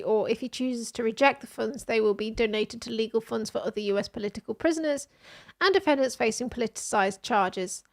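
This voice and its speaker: A woman streamer reading news posts aloud and reacting in a casual, animated way, with exclamations. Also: fairly high pitch.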